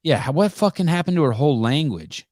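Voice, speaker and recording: A man's voice: on the high side, expressive, fast talker, a little mellow, no room sound, studio quality. A man hosting a podcast in casual chat, blunt and swearing freely. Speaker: podcast host.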